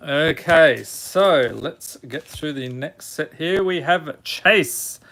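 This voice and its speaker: A man streams himself opening card packs, his Chicago accent evident as he reads card names in steady succession and then chats casually with the people watching. He speaks slowly in a voice on the high side.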